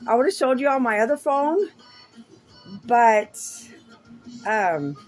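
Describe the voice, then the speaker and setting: A woman talking candidly to camera in a rambling, profane way, swinging from mumbles to loud outbursts. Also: fairly high pitch, sing-song, takes it slowly, soft background music. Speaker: vlogger.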